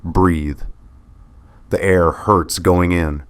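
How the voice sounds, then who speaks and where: A man's voice: deep voice, moderate pace, no room sound. A man giving scripted first-person drama narration in a heavy, wounded, bitter manner.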